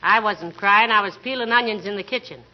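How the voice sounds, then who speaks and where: An actress playing a patient, level-headed wife who scolds gently with dry quips, in 1940s radio comedy acting on a hissy old recording. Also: female voice, mid-range voice, fairly quick, dull audio, lightly acted. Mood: affectionate.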